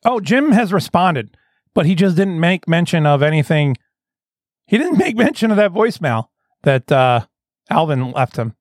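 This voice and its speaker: A man hosting a casual comedy podcast, excitable, laughing often and restarting his sentences. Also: a little high, normal speed, dry recording, clean studio sound. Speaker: podcast host.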